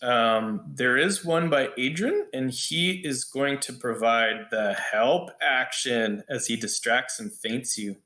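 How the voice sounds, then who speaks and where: A man narrating a tabletop game as game master, slow and drawn out in his descriptions. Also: mid-range voice, sharp tone, reverberant.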